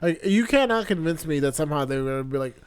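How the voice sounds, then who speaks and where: A man's voice: a little high, lively intonation, quick pace, clean tone. A man co-hosting a casual wrestling podcast, agreeable and often echoing his partner with short replies. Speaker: podcast co-host.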